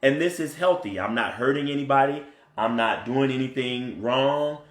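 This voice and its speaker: A man coaching couples in casual talk, earnest and animated, often checking in with "right?". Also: medium pitch, normal speed. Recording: echoey room.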